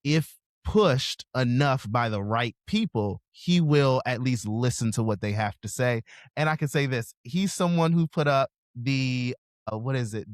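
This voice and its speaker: A man hosting a podcast, talking politics in an easy, conversational way. His pitch sits in a middle range, and the recording is dry and close. He weighs both sides before he makes his point. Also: no room sound. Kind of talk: casual political discussion.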